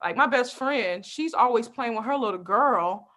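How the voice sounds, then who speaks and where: A young adult woman doing a stand-up comedy set, telling lively stories with constant asides to the crowd. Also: a little high, normal speed. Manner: lively storytelling with frequent asides and laughs.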